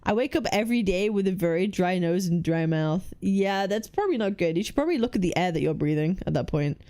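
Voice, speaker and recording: A woman's voice: lowish voice, expressive, fast talker, dark tone. A woman streamer chatting casually close to the mic, with a blocked-nose sound, rambling, swearing and laughing as she reads chat aloud. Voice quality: blocked-nose sound with little nasal resonance. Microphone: very close to the microphone.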